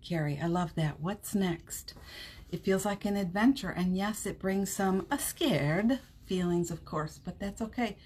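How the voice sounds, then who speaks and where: A woman hosting a live-streamed motivational podcast from home, chatting warmly, laughing often and reading viewer comments aloud. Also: medium pitch, measured pace, husky. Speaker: podcast host. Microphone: streaming setup at home.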